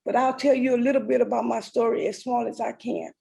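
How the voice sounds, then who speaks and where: A woman's voice: fairly high pitch, fairly even intonation, fast, vocal fry, warm tone, low-quality recording. A woman in her forties giving an earnest, emotional personal testimony as a summit speaker. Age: 40s.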